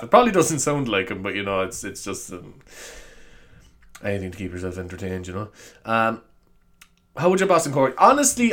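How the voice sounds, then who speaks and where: A man's voice: lowish voice, fairly bright tone. A young man hosting a solo comedy podcast, rambling and swearing with self-mocking humor. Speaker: podcast host.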